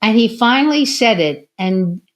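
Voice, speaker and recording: A woman's voice: fairly high pitch, a little slow. An older woman, a retired physical therapist, telling stories in a casual interview and acting out the voices of people she quotes. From United States. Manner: animated storyteller who acts out quotes.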